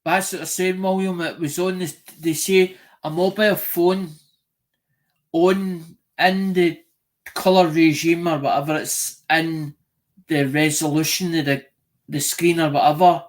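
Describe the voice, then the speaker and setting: A man's voice: a little high, fairly even intonation, a little slow. A man with a Scottish accent chatting casually on a live stream, rambling and often restarting and repeating himself.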